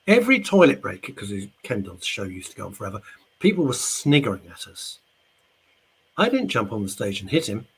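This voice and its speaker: Man, radio talk host, raspy voice, swooping lively pitch, ranting, talks straight to listeners. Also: a little fast, poor audio. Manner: indignant, ranting; chatty, direct address to listeners. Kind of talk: radio talk show monologue.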